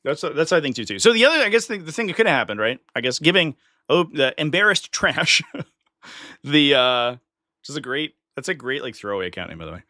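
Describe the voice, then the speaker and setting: A man's voice: a little high, big pitch swings, a little fast, pushed and bright, no room sound, studio quality. A man hosting a live stream, talking in a chatty, opinionated way and offering casual commentary. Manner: chatty and opinionated, slips into mock voices of others.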